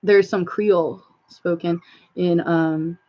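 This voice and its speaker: A woman's voice: lowish voice, fairly even intonation, slow. Rambling woman live-streaming on lo-fi audio. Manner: rambling, filler-heavy, talks to viewers and her cat. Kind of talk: casual live stream chat. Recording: slightly dull lo-fi stream audio.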